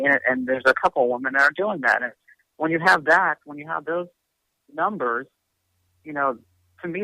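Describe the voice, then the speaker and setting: A man's voice: medium pitch, vocal fry, pushed and bright, no room sound, low-quality recording. A man co-hosting a casual radio talk show, blunt and outspoken, swearing and repeating himself. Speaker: co-host.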